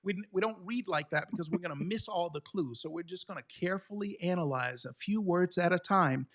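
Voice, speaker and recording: A man with a high-pitched voice teaches a live online exam-prep class. He talks with lively energy and keeps checking in with the viewers.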